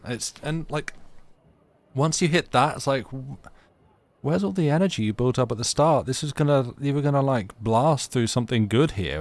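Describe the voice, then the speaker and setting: A man's voice: mid-range voice, expressive, normal speed. Sarcastic British man streaming. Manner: sarcastic, rambling, laughs often. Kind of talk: casual livestream chat and reading game text aloud.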